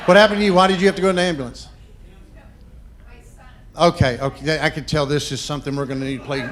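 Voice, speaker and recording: Playful stand-up comic working the crowd. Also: male voice, on the high side, lively intonation, brisk, slight background noise. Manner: chatty, playful, quizzes the audience. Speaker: stand-up comedian. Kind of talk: stand-up comedy with crowd work.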